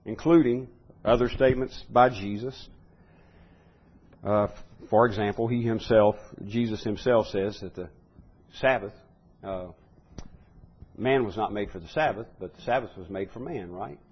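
A man's voice: fairly low pitch, measured pace, pauses often, husky, highs cut off. A man teaching a Bible lesson, thinking aloud with fillers and restarts, then building to emphatic repeated phrases.

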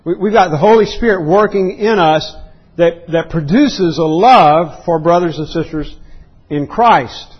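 A man preaching an expository sermon as pastor, emphatic, often clearing his throat and repeating words. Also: on the high side, measured pace, highs cut off. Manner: emphatic preaching that rises into voiced outbursts.

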